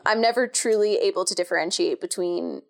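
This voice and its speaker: A woman co-hosting a podcast, chatting casually and telling stories in an animated way. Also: lowish voice, a little fast, vocal fry. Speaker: podcast co-host. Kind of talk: casual chat.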